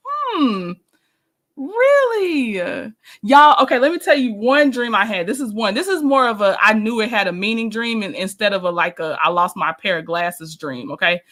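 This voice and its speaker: A woman hosting a casual live stream, chatting with viewers and answering their comments, animated and quick to laugh. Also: medium pitch. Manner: chatty and animated, laughs often, restarts sentences.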